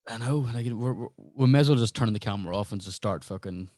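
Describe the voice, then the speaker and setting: A man's voice: fairly low pitch, mellow, dry recording. Man bantering, dry close sound. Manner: jokey, crude banter, quick bursts. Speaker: podcast guest. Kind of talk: casual podcast chat.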